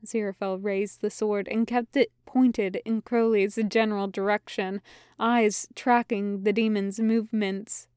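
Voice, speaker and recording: A woman narrating a story aloud in a measured, expressive reading. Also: medium pitch, clean tone, dry recording, clean studio sound. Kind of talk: reading fan fiction aloud.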